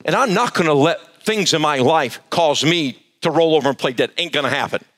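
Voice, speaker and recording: A pastor preaching to a live church service, emphatic and quizzing the congregation for answers. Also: male voice, a little high, lively intonation, fairly quick, a bit bright. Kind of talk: sermon.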